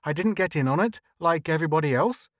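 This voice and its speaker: A man reading the part of a frantic middle-aged shopkeeper who pleads and shouts for help, in an audiobook reading. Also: on the high side, animated, fast, no echo, clean studio sound, voice pushed up. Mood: pleading. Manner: pleading, rising to desperate shouts.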